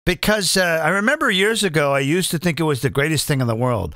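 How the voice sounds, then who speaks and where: Middle-aged man, comedian host, chatty self-mocking ramble, very animated pitch, dry close sound. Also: no room sound. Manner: chatty, self-mocking, with quick asides and laughs. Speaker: comedian and impressionist hosting a live show. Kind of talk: casual rambling monologue.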